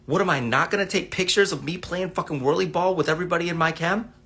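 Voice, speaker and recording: A man with a bright, forceful voice tells a meandering story, swearing freely and circling back as he goes. He talks casually into his phone for a livestream. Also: high voice, fast talker, a little hiss or hum. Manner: rambling, profane, laid-back. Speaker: livestream host.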